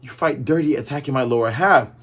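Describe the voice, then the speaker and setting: A young man hosting a manga review, casually recapping a chapter and acting out the characters' lines in quick, playful voices. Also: medium pitch, a bit bright.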